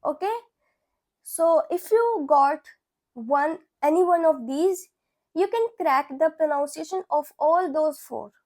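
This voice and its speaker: Young woman teacher, patient, says each word over and over, pretty high voice. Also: animated, slow pace, a little mellow. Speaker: French teacher. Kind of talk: beginner language lesson.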